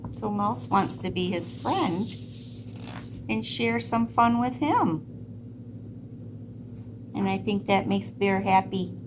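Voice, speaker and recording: A woman reading a picture book aloud to children, pausing to ask gentle questions about the pictures. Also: mid-range voice, background noise. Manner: gentle, asks listeners questions. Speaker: storyteller.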